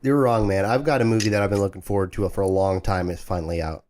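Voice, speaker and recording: A man's voice: sits low, fairly even intonation, quick pace, darkish tone. A young man co-hosting a podcast in casual, joking chat. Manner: joking, laid-back, trails off and restarts. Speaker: podcast co-host.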